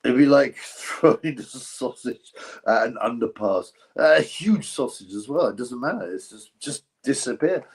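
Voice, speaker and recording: A man's voice: mid-range voice, expressive, unhurried. A man hosting a live stream, giving blunt, ranting commentary on a boxing event and reading out viewer donations. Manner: blunt, ranting, chuckling asides; reads viewer donations aloud. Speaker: livestream host.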